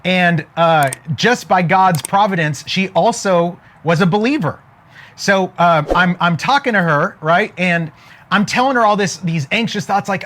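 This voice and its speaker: A man around forty giving an energetic motivational talk, throwing rhetorical questions at his listeners. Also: high-pitched, normal speed. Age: 40s. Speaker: motivational speaker.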